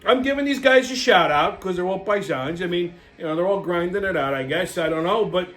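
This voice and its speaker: A Brooklyn man with a New York accent hosts his channel, his voice high, lively, brisk, and fairly bright. He rambles bluntly through a casual monologue, swearing heavily and leaning on lots of fillers.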